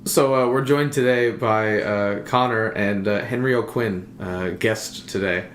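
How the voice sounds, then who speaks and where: A young man hosting a casual podcast chat, playful and quick to laugh. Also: fairly low pitch. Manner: laughs often, lively and playful. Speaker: podcast host. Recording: roomy sound with faint noise.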